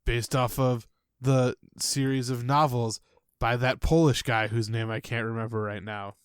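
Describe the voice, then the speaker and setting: A man's voice: mid-range voice, fairly even intonation, unhurried, clear, resonant tone, no room sound. Rambling male podcast co-host, dry sound. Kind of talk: casual chat.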